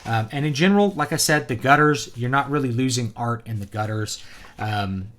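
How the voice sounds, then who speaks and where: A man in a casual review video, giving his opinions on a printed book. He talks conversationally and fills the pauses with ums and uhs. His pitch sits in an ordinary middle range. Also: a bit bright. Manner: conversational, opinionated, many fillers. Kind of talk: casual product review vlog.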